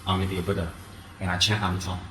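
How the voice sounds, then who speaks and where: A man giving an animated Dharma talk as a Buddhist teacher, often mocking the voices of his critics. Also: deep voice, rapid-fire, reverberant, noisy background.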